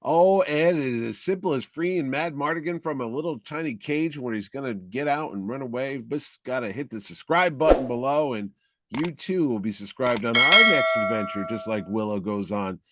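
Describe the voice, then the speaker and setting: A man co-hosting a podcast in casual chat, telling stories in a rambling, animated way. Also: medium pitch, normal speed, heavy background noise. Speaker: podcast co-host.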